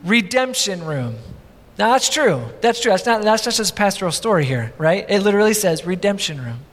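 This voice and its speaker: A man's voice: sits high, fast, long reverb tail. A male pastor preaching a sermon in a conversational, storytelling way, acting out the people in his story. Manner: animated, conversational, acts out quotes.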